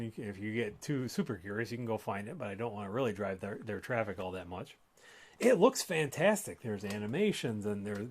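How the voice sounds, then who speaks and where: A man's voice: mid-range voice, a little mellow. A man who works as a respiratory therapist, hosting a live educational talk in a conversational, explanatory way with frequent restarts. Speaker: respiratory therapist and show host.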